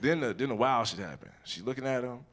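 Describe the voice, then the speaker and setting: Animated, profane man in his forties. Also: mid-range voice, fast, crowd noise. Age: 40s. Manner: animated, profane, acts out scenes in quoted voices. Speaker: stand-up comedian. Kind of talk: live stand-up storytelling. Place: comedy theater stage.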